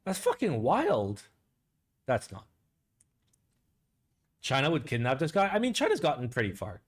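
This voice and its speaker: A man's voice: mid-range voice, wildly swooping pitch, a little slow, slightly rough. A man hosting a live stream, chatting casually and reacting, with a rambling, profane delivery full of filler words. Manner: rambling, sweary, lots of "like" fillers.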